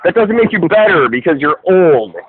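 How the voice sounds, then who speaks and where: A man's voice: high-pitched, sing-song, normal speed. Canadian man, tinny opinionated banter. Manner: opinionated, wry, rambling with many fillers. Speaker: podcast co-host. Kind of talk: casual banter. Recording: tinny lo-fi line with faint hiss.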